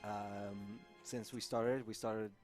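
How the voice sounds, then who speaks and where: A man's voice: lowish voice, slow, faint music behind. A man from Sweden co-hosting a live game stream, talking casually with many hesitations. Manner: relaxed, hesitant, many fillers. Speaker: stream co-host. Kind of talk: casual live-stream chat over gameplay.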